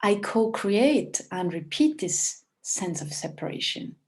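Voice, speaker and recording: A woman giving a calm, reflective spiritual talk as a teacher. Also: mid-range voice, takes it slowly.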